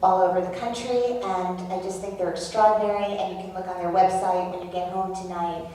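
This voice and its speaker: A woman's voice: lowish voice, level tone, brisk, mellow, a little hiss or hum. A woman hosting a live podcast interview on stage, talking in a chatty, joking way. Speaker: podcast host. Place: theater stage before an audience. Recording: echoey room, far from mic, audience. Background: audience.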